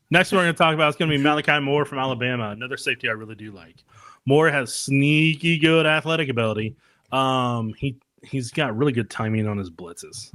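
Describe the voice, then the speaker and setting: A man's voice: mid-range voice, a bit bright, no room sound. A man co-hosting a casual sports podcast, talking loosely and laughing often between points. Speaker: podcast co-host.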